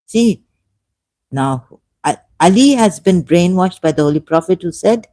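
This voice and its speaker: A man giving an emotional solo commentary, swinging between loud outbursts and quiet asides. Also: high voice, lively intonation, measured pace, dry recording. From Shia Muslim background. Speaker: ex-Muslim commentator.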